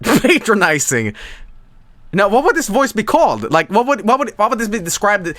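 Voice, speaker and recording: A man's voice: very animated, normal speed, a bit bright, no room sound. Rambling, stammering male streamer. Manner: rambling, stammering repeats, sudden jumps in pitch. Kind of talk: profane live-stream commentary.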